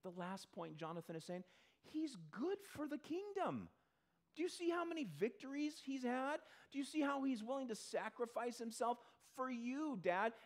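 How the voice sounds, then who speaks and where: A male pastor giving a conversational sermon to a congregation in a church, talking in an animated way. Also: extremely high pitch. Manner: animated, acts out quick character voices.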